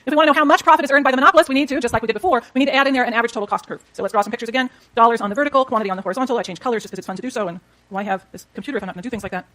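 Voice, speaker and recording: Brisk, fast-talking woman lecturer. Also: on the high side, a bit bright. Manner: brisk, explains while drawing graphs, talks to students. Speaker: economics lecturer. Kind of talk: classroom lecture.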